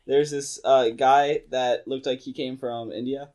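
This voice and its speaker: A man's voice: medium pitch, fairly even intonation, unhurried, a little mellow. A young man co-hosting a podcast in casual chat, telling a story and laughing through it. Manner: storytelling, laughs through his own anecdote. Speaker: podcast co-host.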